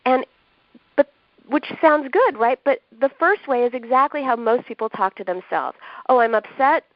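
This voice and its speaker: A woman's voice: sits high, lively intonation, moderate pace, no echo. Lady doctor guest explaining stuff on a podcast, dry close sound, kinda muffled. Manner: warm, explanatory, acts out quoted speech with laughs. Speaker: doctor and author, interview guest. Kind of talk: advice in a podcast interview. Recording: dull lo-fi sound.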